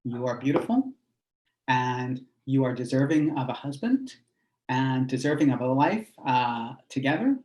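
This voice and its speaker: A man voicing a wandering male prophet who speaks calmly and reassuringly, close to his own voice. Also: mid-range voice, a little slow, roomy sound, natural voice, low-quality recording.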